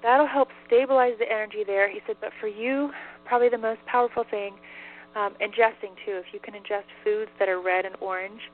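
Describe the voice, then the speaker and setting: A woman acting as a medium passes along answers in a casual chat loaded with fillers and "like," heard over a tinny phone line with slight hiss. Her mid-range voice is brisk, with fairly even intonation.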